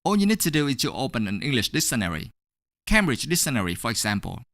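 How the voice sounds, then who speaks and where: A man narrates a scripted English pronunciation lesson, walking through each point clearly and step by step. His voice is bright and forceful, with a lively, moving pitch. It is recorded close and dry, with no room sound. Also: quick pace, no room sound. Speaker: English teacher.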